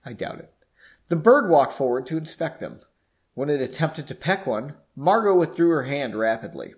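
A man reads a fantasy story aloud in a relaxed, casual way, often stopping for jokey asides and re-reading lines he stumbles on. His voice sits slightly high and swings widely in pitch. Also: moderate pace. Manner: chatty, self-correcting, jokey asides. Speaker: reader.

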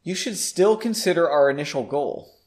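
Man reading polite, persuasive old mage; formal, coaxing, lively pitch. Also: moderate pace, natural voice. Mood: courteous. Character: courteous older male mage, smooth and persuasive.

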